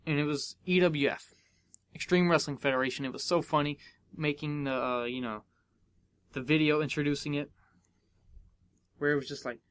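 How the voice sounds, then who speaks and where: A man's voice: moderate pace, pauses often, clean tone, no room sound. A young man hosting a podcast, telling a casual story and acting out the dialogue with big jumps in his voice. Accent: American. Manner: animated, acts out dialogue with big pitch jumps. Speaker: podcast host.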